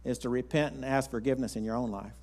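A man's voice: medium pitch, steady tone, fast, a little mellow. A man pastor, preaching a sermon in a folksy, rambling storytelling way with frequent restarts.

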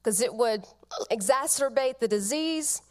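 A middle-aged woman giving a funeral eulogy, telling family stories tenderly with soft pauses. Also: fairly high pitch, animated. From Georgia, United States.

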